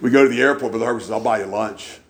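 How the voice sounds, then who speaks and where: A man's voice: lowish voice, very fast, slight background noise. A man, preaching in a church and telling folksy stories, acting out the people he quotes. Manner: folksy storyteller, acts out quoted voices. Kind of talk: sermon storytelling.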